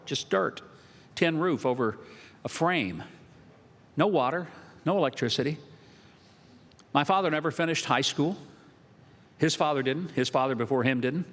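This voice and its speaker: An older man from the Southern United States, with a Southern American accent, gives a humorous, folksy speech with punchy comic timing to university students in a large auditorium. His voice is a little high and fairly bright, and the recording carries the long reverb of a large hall.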